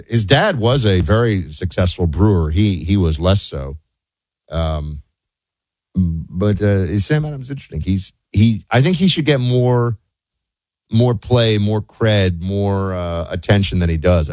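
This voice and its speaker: A man talks in a loose, chatty monologue, circling back and restarting his sentences. His voice sits very low. The recording is dry and close, with no room sound. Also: darkish tone, dry recording. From United States. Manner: rambling, self-correcting, chatty. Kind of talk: casual monologue.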